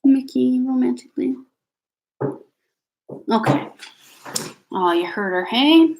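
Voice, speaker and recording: A woman's voice: high-pitched, animated, slow, vocal fry, darkish tone, a little hiss or hum, low-quality recording. A woman with a Canadian accent giving a live tarot reading at home, chatty and reassuring with many fillers and restarts. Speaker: tarot reader. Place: home with family noise nearby.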